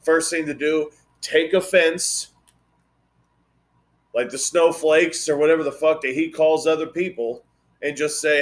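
A man's voice: on the high side, fairly even intonation, measured pace, pauses often. A man hosting a casual podcast chat, blunt and rambling, swearing freely. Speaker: podcast host.

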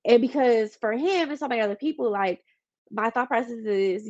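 A woman's voice: a little high, brisk, darkish tone, no room sound. Young woman host, congested, candid rambling monologue, dry slightly dull recording. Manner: candid, rambling, heavy use of "like". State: congested, stuffy nose. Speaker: podcast host. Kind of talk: casual personal monologue.

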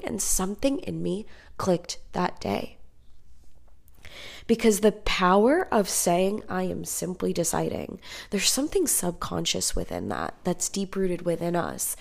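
A woman's voice: on the low side, sing-song, unhurried, gravelly. A young woman coaching viewers on manifesting in an emphatic, repetitive casual monologue, swearing now and then.

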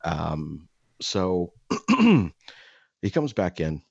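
A man with a low voice tells a long story in casual chat. He rambles with lots of fillers and restarts and swears freely. The audio is dull and lo-fi, with no room sound. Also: sing-song, extremely slow, gravelly, no echo. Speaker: podcast co-host. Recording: dull lo-fi, dry.

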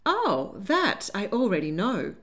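Woman doing a sharp-tongued young miss, crisp and indignant. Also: medium pitch, huge pitch swings, takes it slowly, heavily acted. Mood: defiant. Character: young woman, spirited and tart.

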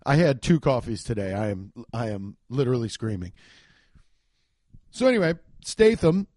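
A man's voice: mid-range voice, very animated, normal speed, a little mellow, no echo, studio quality. A young man giving a profane, exasperated comedic rant reviewing a movie.

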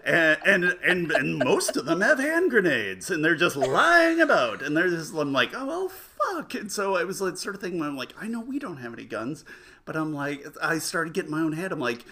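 A man in his forties tells a story in loose, rambling chat, doubling back on his words and poking fun at himself. His voice sits a little high and bright, and it swings up and down in pitch as he goes. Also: sing-song, fairly quick. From United States. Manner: rambling with many restarts, self-mocking humor.

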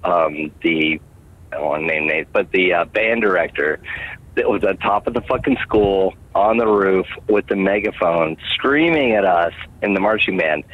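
A man's voice: low-pitched, narrow, tinny audio. A man in casual chat who swears freely and laughs often. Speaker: podcast co-host.

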